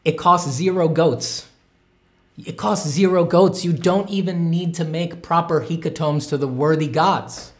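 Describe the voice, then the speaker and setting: A man's voice: high voice, slow pace, pitched above the performer's own voice. A man putting on a jolly, boastful accented voice. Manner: exaggerated, theatrical.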